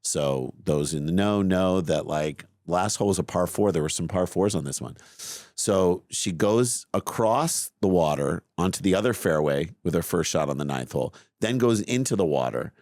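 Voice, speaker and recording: A middle-aged man co-hosting a podcast, telling a long story in a lively, self-mocking way. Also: low voice, moderate pace, no room sound, studio quality. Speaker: podcast co-host. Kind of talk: casual chat, storytelling.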